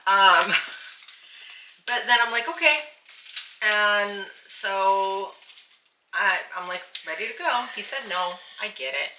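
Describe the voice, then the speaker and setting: Casual host, woman; animated storyteller heard from across an echoey, noisy room. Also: medium pitch, takes it slowly, pauses often. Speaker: channel host. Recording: roomy, distant and noisy.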